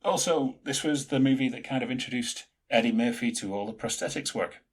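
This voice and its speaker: A man's voice: medium pitch, a little fast, slightly rough. A man co-hosting a podcast in casual chat, rambling through film trivia. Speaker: podcast co-host.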